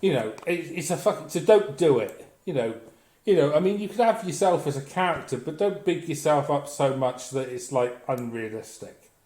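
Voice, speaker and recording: A man's voice: fairly high pitch, expressive, moderate pace, a little mellow. A man delivering a blunt, profane, sardonic comic rant as a vlogger. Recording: echoey room.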